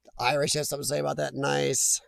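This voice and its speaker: A man's voice: a little high, level tone, fast, gravelly, no echo. A middle-aged man hosting a live chat stream, rambling and joking as he reacts to viewers' comments.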